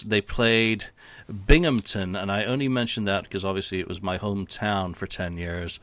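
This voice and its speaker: Male podcast host with a low voice who leads the chat casually; dry, close recording. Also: fairly bright tone, no room sound.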